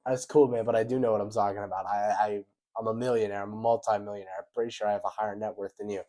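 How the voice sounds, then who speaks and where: A man's voice: fairly low pitch, level tone, very fast, warm tone, close to an everyday voice. Laid-back friendly braggart, impersonated by a man, easygoing and chummy.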